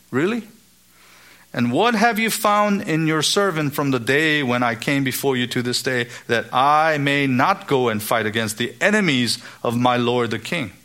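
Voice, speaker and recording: A man's voice: medium pitch, fairly bright tone. A man giving an expository Bible teaching, asking rhetorical questions and acting out the lines of the characters he quotes.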